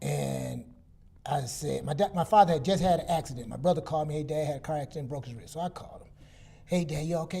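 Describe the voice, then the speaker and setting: A man in his sixties telling personal stories on a talk show, animated and casual, acting out quoted dialogue. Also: on the high side, quick pace, creaky, husky. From Southern US. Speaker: guest psychologist.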